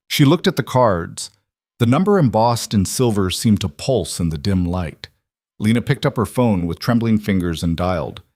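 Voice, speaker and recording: A man with a low voice reads a dark story in a measured, steady way. The sound is dry and close, with nothing of the room in it. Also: no echo. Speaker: narrator. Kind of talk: scripted story narration.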